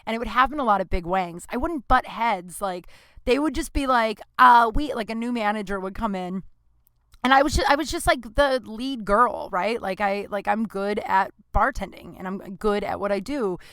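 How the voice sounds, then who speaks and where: A woman in her thirties talks frankly and casually, swearing freely and acting out the people she quotes. Her voice sits at a middle pitch. It is recorded dry and close, with no room sound. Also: moderate pace, a bit bright, clean tone, no room sound. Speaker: podcast host. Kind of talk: casual monologue. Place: small home studio.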